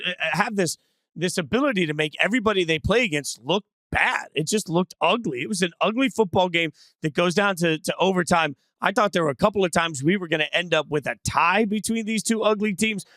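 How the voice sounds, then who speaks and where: A man's voice: high voice, a bit bright, no echo. A middle-aged man hosting a casual sports analysis chat, opinionated and brash in his calls. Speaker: sports show host.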